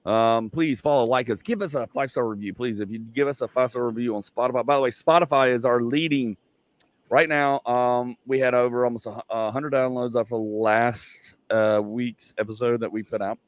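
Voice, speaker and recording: A middle-aged man hosts a podcast from home, chatting casually in a steady, medium-pitched voice at a slightly quick pace with no room sound. He's loose and rambling, cracking jokes and using plenty of fillers.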